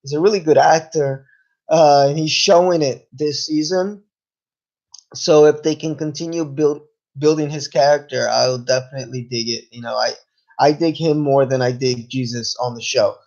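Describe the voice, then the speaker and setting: A man giving a casual, rambling review of a TV episode in a laid-back way, swearing now and then and slowed by hiccups. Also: fairly high pitch, fairly even intonation, darkish tone, lo-fi sound. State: has hiccups. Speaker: TV show reviewer.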